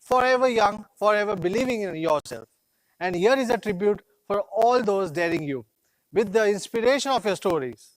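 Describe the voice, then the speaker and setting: A man's voice: high voice, animated, normal speed, no echo, poor audio. A man, delivering a proud, rallying scripted keynote as a company executive at a product launch.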